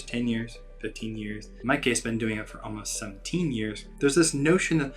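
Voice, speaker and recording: Man, forties, vlog host, earnest, emphatic, mid-pitched voice. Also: lively intonation, brisk, a bit bright, soft background music. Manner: earnest, emphatic, self-correcting. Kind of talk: casual advice talk to camera.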